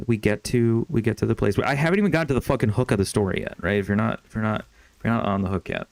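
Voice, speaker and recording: A man's voice: lowish voice, fast, creaky, darkish tone, no echo. A young man streaming a game and telling a long story in a rambling, profane way, with lots of fillers and restarts. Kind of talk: casual storytelling while gaming.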